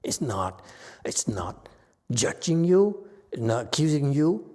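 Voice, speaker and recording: Man, Buddhist teacher, dharma lecture, very slow unhurried delivery, joking and self-mocking, conversational, temple hall. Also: medium pitch, sing-song, darkish tone.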